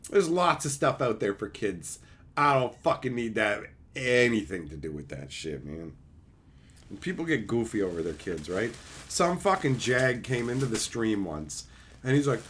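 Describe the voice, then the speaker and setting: A man's voice: on the low side, expressive, moderate pace, fairly bright tone. A man streaming live, ranting crudely and mockingly, laughing often. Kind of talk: profane rant.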